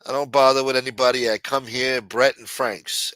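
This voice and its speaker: A man hosting a livestream talks at a moderate pace in a mid-range voice that's fairly bright with fairly even intonation, recorded with no echo. He speaks to his chat in a casual, profane way, performing the quotes as he retells stories.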